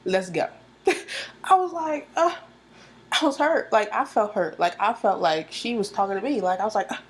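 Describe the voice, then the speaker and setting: Casual woman vlogger, mid-pitched voice, acts out scenes, laughs a lot, slangy repeats. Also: moderate pace. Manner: animated storytelling, acting out quotes, laughing often; slangy, repeats phrases for emphasis. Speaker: drama reviewer. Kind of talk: casual reaction vlog.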